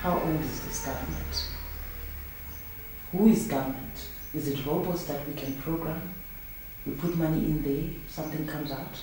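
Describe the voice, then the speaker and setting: A woman's voice: low voice, moderate pace, long pauses, mellow, a little hiss or hum. A woman and project founder being interviewed, speaking with passion and firing off emphatic rhetorical questions. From South Africa. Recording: roomy sound from a distant mic.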